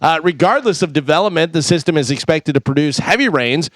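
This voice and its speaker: A man's voice: fairly high pitch, expressive, fairly quick, no echo. A man on a morning radio show who reads the sponsor spots and news in a plain, chatty studio manner. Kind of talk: casual radio banter and read ads and news. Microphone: studio microphone.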